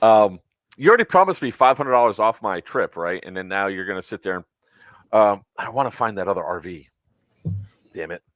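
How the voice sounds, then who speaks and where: A man co-hosting a casual podcast who talks in an animated way and laughs often. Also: on the low side, a little fast, no echo. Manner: animated, laughs often, firm and scolding on a complaint call. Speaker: podcast co-host. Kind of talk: casual chat.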